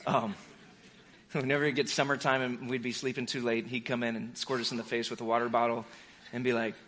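A man preaching a sermon in a casual, conversational way, rising to urgent exhortation and dropping to soft, hushed tones. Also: medium pitch, little pitch movement, fairly quick. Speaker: pastor.

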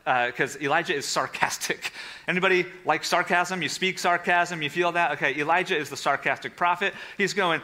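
A man preaching a sermon to a congregation and an online audience, animated, with sarcastic asides and hushed, quiet passages. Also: a little high, a little fast. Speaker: pastor. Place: church with a livestream audience.

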